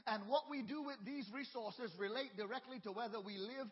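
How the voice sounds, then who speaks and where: A man's voice: very high voice, brisk, breathy edge. A pastor preaching a sermon, telling a story and building his points with rhythmic repetition and emphatic bursts. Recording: dull lo-fi sermon recording.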